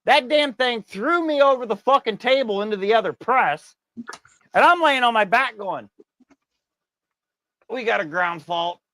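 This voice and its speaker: Middle-aged man with a high voice, casual, animated storyteller. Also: moderate pace, no room sound. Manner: animated storytelling, swearing, laughing. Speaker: streamer telling a work story. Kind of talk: casual chat.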